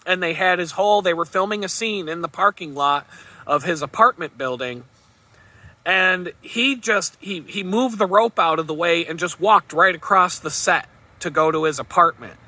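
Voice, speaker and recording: A man's voice: high voice, normal speed, bright, forceful tone, dry recording. A man vlogging, telling a rambling story in a casual, chatty way and chuckling at it.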